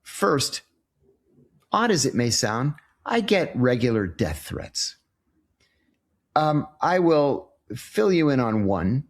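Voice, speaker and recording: A man's voice: medium pitch, slow pace, long pauses. A man in his sixties, a former intelligence officer answering interview questions in a casual, storytelling way. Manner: animated storyteller, acts out quoted exchanges.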